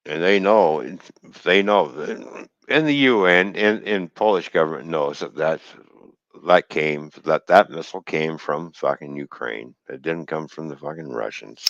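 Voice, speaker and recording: Stream host, deep male voice, bitter profane rant, dry and muffled recording. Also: animated, moderate pace, gravelly, fairly bright tone, dry recording. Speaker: livestream host. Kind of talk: angry livestream rant.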